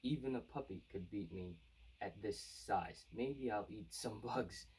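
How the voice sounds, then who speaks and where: A man reading the lines of a weakened male monster in his own husky voice, slow and muttered, recorded from a distance off the mic. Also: lowish voice, darkish tone. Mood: panicked.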